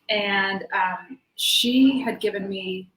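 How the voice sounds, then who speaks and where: A woman's voice: medium pitch, drawn-out words, fairly bright tone, reverberant, a little hiss or hum, rough recording. A woman speaking as a dancer guest in a casual interview, chatty and laughing often, with many fillers, on a video call from home. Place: home room in Sweden.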